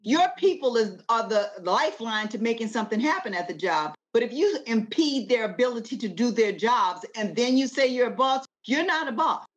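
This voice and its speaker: A woman's voice: on the high side, moderate pace, hardly any pauses. A woman guest talking emphatically in a casual conversation, shifting into a preacher-like delivery and telling stories with energy. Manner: lively, animated storytelling.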